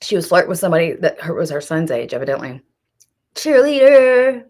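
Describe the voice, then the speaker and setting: A woman's voice: low-pitched, racing, breathy edge. Sassy gossiping woman streamer, drawl. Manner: sassy, gossipy, talks straight to chat. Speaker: streamer host. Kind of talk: casual live-stream commentary.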